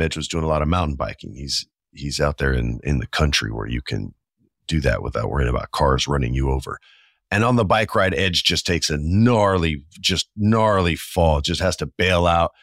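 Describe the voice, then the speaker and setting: A man in his forties hosting a podcast, talking casually and with enthusiasm, and often slipping into quick voiced asides. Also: very deep voice, a bit bright, no echo, clean studio sound. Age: 40s. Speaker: podcast host. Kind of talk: casual solo commentary.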